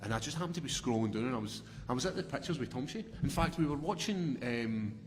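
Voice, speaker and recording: A man's voice: medium pitch, fast talker, noisy background. A young Scottish man, a podcast guest, telling crude stories in loose, laughing chat. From Scotland. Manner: crude, animated storytelling, breaks into laughter. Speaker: guest, fighter. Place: podcast studio. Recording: reverberant room.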